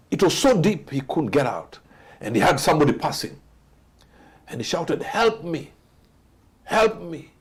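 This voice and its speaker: A man, a guest telling motivational stories with a dramatic delivery that swings from loud to hushed. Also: mid-range voice, breathy edge. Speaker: guest speaker. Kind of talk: motivational storytelling.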